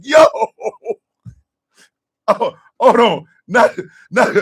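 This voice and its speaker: A man hosting a casual live chat show, cracking up constantly and shouting out reactions to his audience. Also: high voice, very animated, measured pace, husky, far from the mic. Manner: laughs constantly, loud exclamations. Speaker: host.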